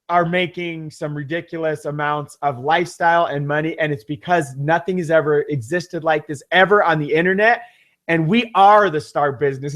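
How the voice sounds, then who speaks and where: A man co-hosting a webinar, giving a fervent, rambling sales pitch that repeats his points for emphasis. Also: fairly bright tone. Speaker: webinar co-host pitching a business system.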